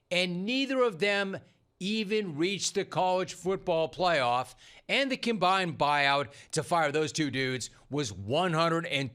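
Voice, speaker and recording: A sports talk host delivers a sarcastic monologue in a bright, forceful voice. His pitch swings widely as he hammers home rhetorical questions. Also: smooth.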